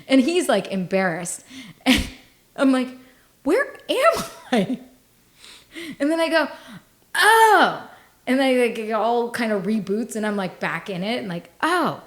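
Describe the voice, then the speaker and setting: This podcast co-host is a woman in her forties with a mid-range voice. She keeps the chat light and funny, poking fun at herself and laughing frequently through her stories.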